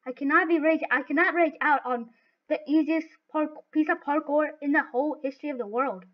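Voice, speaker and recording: A woman giving live gameplay commentary, excitable and talking to herself as she plays. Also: high voice, a little fast. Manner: excitable, talks to herself while playing. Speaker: gaming video host. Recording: dull lo-fi recording.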